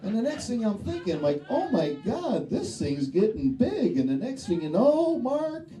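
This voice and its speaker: A man's voice: high-pitched, huge pitch swings, normal speed, crowd noise. Profane older man doing stand-up in an echoey bar. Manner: crude, profane and loud, with acted-out punchlines. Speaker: stand-up comedian. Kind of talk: stand-up comedy set. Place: tavern showroom, live audience. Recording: echoey room, distant mic, noisy.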